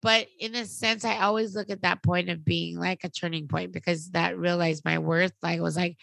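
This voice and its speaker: A woman in her thirties, podcast co-host, chatting casually and telling an animated story, acting out what others said. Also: lowish voice, moderate pace, creaky, no echo. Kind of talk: casual chat.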